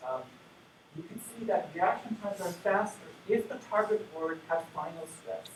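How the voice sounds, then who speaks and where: A man delivers an academic lecture in a measured, explanatory way, pausing on fillers and asking the room if they follow. His voice sits back from the mic in an echoey hall. A steady hiss of noise runs under the live-stream recording. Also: high-pitched. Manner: measured, explanatory, frequent fillers and checks with the audience. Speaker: conference plenary speaker. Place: conference hall. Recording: roomy distant live-stream audio with noise.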